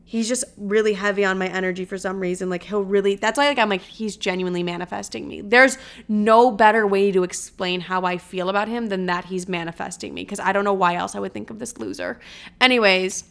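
A young woman talks fairly quickly on her solo podcast, her mid-range voice carrying vocal fry, a fairly bright tone, and fairly even intonation. Her casual chat is dramatic, laced with swearing and frequent "like"s.

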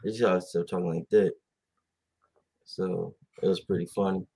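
Male host, low husky voice, rambling casual rant. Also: normal speed. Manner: animated, rambling with fillers and quoted voices. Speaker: podcast host. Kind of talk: casual chat about basketball.

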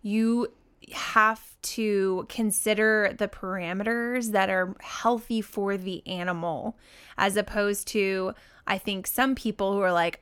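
A woman co-hosting a podcast, chatting casually in a measured, reflective way. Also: medium pitch, steady tone, a bit bright, clean tone. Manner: measured, reflective, thoughtful reactions. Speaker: podcast co-host. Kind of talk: casual chat.

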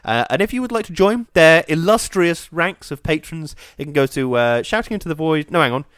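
A man co-hosting a podcast, talking in animated, chatty, self-mocking banter. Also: on the high side, fairly quick, smooth, no echo, clean studio sound. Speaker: podcast co-host. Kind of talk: casual chat.

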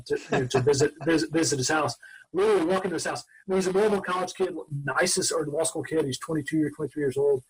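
This husky, mid-range voice belongs to a former Marine in his forties from Mobile, Alabama, US. As a guest in a casual storytelling interview, he spins long, rambling, animated tales full of restarts. The recording quality is low.

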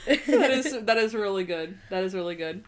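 A woman's voice: mid-range voice, lively intonation, moderate pace. A young woman co-hosting a casual chat, retelling TV scenes with quoted voices and frequent laughter. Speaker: podcast co-host. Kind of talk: casual chat recapping a TV episode.

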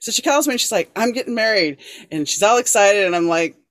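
A woman hosting a podcast, telling stories in a calm, measured way and turning animated when she quotes others. Her pitch is middle of the road, and her voice sounds dry and close. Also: no echo. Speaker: podcast host. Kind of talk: casual interview conversation.

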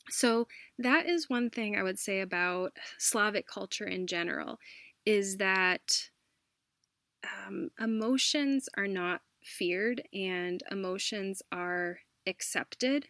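A woman talks about her teaching work in an earnest, reflective way, pausing and restarting as she thinks. Her pitch sits in the middle range, and she laughs softly now and then. The recording is dry and close, with no room sound. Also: dry recording. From United States. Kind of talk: casual conversational storytelling.

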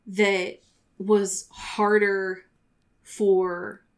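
Woman, medium pitch, casual chat, swearing, filler words, indignant. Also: little pitch movement, very slow. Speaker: book podcast co-host. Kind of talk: casual chat recapping a novel.

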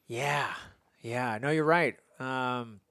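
A man's voice: medium pitch, drawn-out words, bright, forceful tone, no echo. Earnest man host, dry sound. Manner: earnest, rambling, many restarts. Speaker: podcast host and father. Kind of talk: conversational interview.

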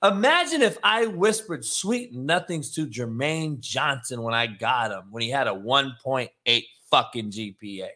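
A sports talk host with a medium-pitched, animated voice rants unhurriedly with hardly any pauses. His sports opinions come out profane, combative and mocking, swinging between loud and hushed.

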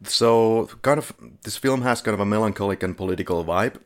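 A man with a very low voice co-hosts a casual film podcast. He walks through short-film plots in a relaxed, dryly sarcastic way and chuckles now and then. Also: brisk. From Finland. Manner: laid-back, chuckles while reviewing, dry sarcasm. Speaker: podcast co-host. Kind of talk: casual film review chat.

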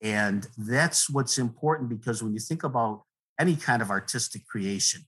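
A middle-aged man, a guest poet, talking in a rambling, earnest way, with many restarts and soft laughs. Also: medium pitch, moderate pace, breathy edge, poor audio. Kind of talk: relaxed conversational interview.

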